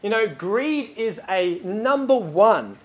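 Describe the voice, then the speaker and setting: A man preaching a sermon in a lively, chatty way, with lots of "you know" and "um" fillers. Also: high-pitched, slow pace.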